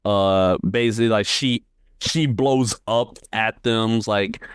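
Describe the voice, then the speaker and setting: Laid-back low-voiced man recapping a show. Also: slow, smooth, dry recording, clean studio sound. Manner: relaxed, rambling, lots of fillers. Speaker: podcast co-host. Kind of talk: casual recap chat.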